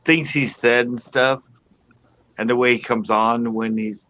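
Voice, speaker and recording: A man's voice: medium pitch, fairly even intonation, a little slow, bright, forceful tone, slight background noise. Guy hosting a live panel, chatty and rambling, dull lo-fi stream sound. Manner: rambling storytelling with many restarts. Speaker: host. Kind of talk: casual chat on a live panel.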